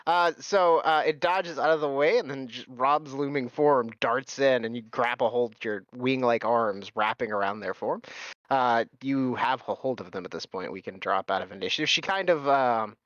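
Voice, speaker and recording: A man narrating as game master, talking haltingly with many fillers. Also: medium pitch, a bit bright, dry recording, highs cut off.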